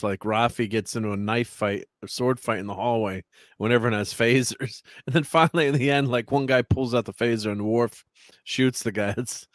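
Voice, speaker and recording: A man's voice: mid-range voice, dry recording, studio quality. A man in casual chat as a podcast co-host, rambling and laughing often.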